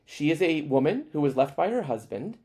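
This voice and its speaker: Animated man telling a story on a podcast. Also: on the high side, fairly quick. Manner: animated storyteller, frequent fillers. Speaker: podcast guest. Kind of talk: casual chat.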